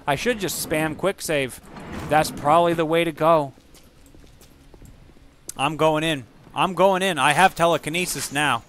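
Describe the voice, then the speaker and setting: A man giving rambling, profane let's play commentary, yelping loudly whenever the game startles him. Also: a little high. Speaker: gaming channel host.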